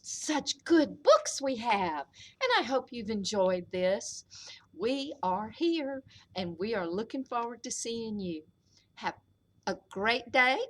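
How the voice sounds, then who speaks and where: A woman librarian reading a picture book aloud to children at storytime, expressive and animated. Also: fairly high pitch, takes it slowly.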